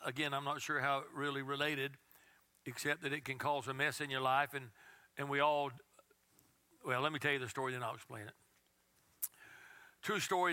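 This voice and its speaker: A man preaching a sermon as pastor, telling a story in a conversational way and dropping to a soft, intense tone. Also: a little high, no echo.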